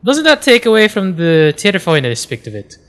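A man's voice: high voice, huge pitch swings, brisk, a bit bright. A man joking around with friends while playing a video game, trying out silly accents. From Philippines. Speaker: gaming video co-host. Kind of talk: casual gameplay banter.

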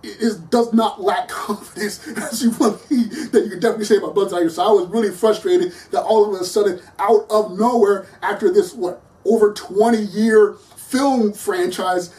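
A movie reviewer talking through a film in a casual, earnest way, often laughing mid-sentence and pausing on fillers while thinking aloud. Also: mid-range voice, fairly even intonation, warm tone, recorded from a distance, low-quality recording. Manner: chatty and earnest, laughs often between words.

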